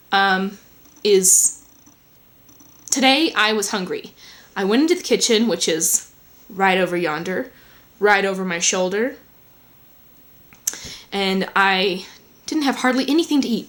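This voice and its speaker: A woman's voice: mid-range voice, fairly bright tone. A woman rambles chattily to the camera in a home vlog. She drifts between thoughts and peppers her speech with fillers and asides. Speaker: vlogger.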